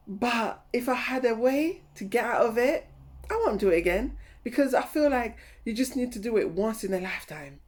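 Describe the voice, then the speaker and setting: A middle-aged woman vlogging casually about a trip, animated and laughing as she acts out her own reactions. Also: on the high side, moderate pace. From lives in London. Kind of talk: casual travel vlog chat.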